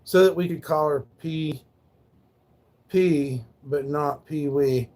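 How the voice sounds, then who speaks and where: A man's voice: a little high, takes it slowly, darkish tone. A man livestreaming, rambling and swearing as he talks about his late dog, grieving and sometimes thanking chat. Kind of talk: casual livestream talk.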